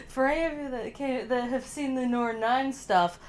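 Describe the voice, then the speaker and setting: A woman's voice: high-pitched, unhurried. A woman streamer chatting casually through a game, laughing often and swearing now and then, with a slight cough as she gets over being sick. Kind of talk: casual let's-play commentary.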